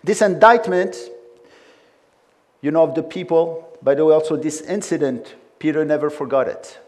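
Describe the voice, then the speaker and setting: A man's voice: on the high side, moderate pace, a little mellow. A man preaching a sermon with emphatic delivery and frequent conversational asides.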